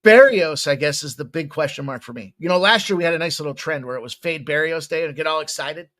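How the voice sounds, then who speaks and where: A man's voice: fairly high pitch, fast, a bit bright. A man hosting a sports betting show, rambling and joking through his picks and swearing casually.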